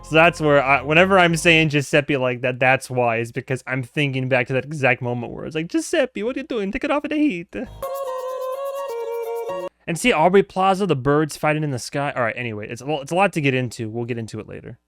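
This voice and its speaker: A man's voice: medium pitch, fast, hardly any pauses, fairly bright tone, clear, resonant tone, no echo, soft background music. A man hosting a reaction video, chatting casually with many restarts and asides. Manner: rambling, self-interrupting, chatty.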